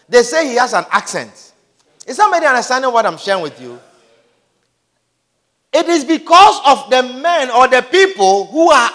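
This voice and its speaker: Male preacher, high lively delivery, repeats lines, asks the room if they understand; long hall reverb. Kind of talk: sermon.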